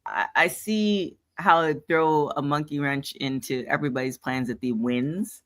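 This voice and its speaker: A woman co-hosting a casual chat, chatty with quick reactions. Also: low voice, dry recording. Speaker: podcast co-host.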